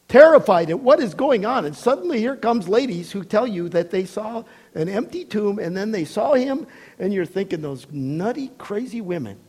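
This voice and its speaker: A man preaching a sermon in a high voice that swoops widely up and down. He tells the story with acted-out voices and laughs along the way. He shifts from loud calls to hushed, low asides. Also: moderate pace, husky. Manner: animated storytelling, acting out voices, laughs often.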